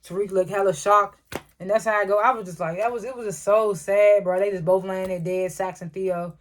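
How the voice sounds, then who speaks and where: A woman's voice: mid-range voice, fairly quick. A woman giving a casual, slangy recap and review of a TV episode, swearing often. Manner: animated retelling, frequent swearing, slangy. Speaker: TV show reviewer.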